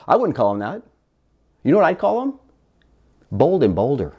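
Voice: mid-range voice, wildly swooping pitch, normal speed, pauses often, darkish tone, breathy edge. A pastor giving a sermon, firing rhetorical questions at the congregation and repeating words as each point builds.

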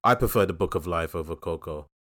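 A man's voice: low-pitched, fast talker, a bit bright. A man co-hosting a casual podcast, chatting about films in a rambling, jokey way with many restarts. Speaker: podcast co-host. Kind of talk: casual podcast film chat.

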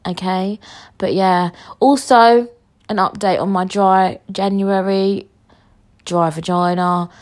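A young woman tells a story on her podcast. Her voice sits at a middle pitch as she talks in a brash, jokey, rambling rant. She swears freely, with a loud, cheeky, unfiltered delivery. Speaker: podcast host. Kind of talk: casual story-time monologue.

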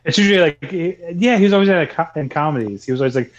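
A man's voice: fairly high pitch, animated, racing, highs cut off. A man co-hosting a casual movie podcast, rambling with lots of swearing and frequent laughter. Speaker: podcast co-host.

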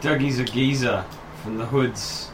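A man playing a tabletop game, relaxed and joking. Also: medium pitch, a little slow, background noise. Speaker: player. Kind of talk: casual tabletop play.

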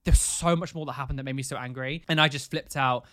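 A young man telling a personal story in casual chat, animated and acting out quotes with big jumps in pitch. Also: fast.

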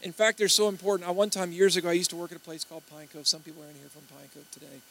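Male preacher, higher-pitched voice, storytelling delivery that acts out the people he quotes. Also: little pitch movement, rapid-fire, a bit bright, poor audio. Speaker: pastor. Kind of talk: sermon.

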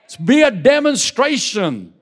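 Man, pastor, sermon, high voice, slow deliberate delivery, call-and-response. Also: sing-song, husky. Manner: preaching with call-and-response, dramatic slow emphasis. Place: church.

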